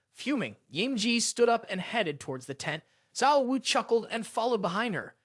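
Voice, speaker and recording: A narrator reading a scripted story recap in a brisk, expressive way. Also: mid-range voice, no room sound, studio quality.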